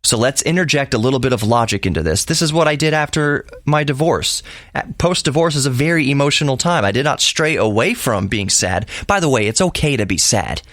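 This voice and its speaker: A man's voice: mid-range voice, animated, brisk, fairly bright tone, dry recording, studio quality. A middle-aged man hosting a podcast, giving an emphatic, lecturing solo monologue with frequent restarts. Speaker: podcast host.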